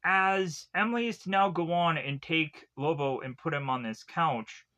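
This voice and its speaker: A young adult man recaps a movie in a bright, forceful voice that's a little high and runs at normal speed. As a film reviewer, he retells it casually and rambles, leaning heavily on fillers.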